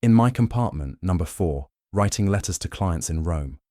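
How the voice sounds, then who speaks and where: A man voicing a smooth Italian-accented charmer. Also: deep voice, animated, normal speed, warm tone, no room sound, clean studio sound. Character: charming nervous Italian antiquities dealer.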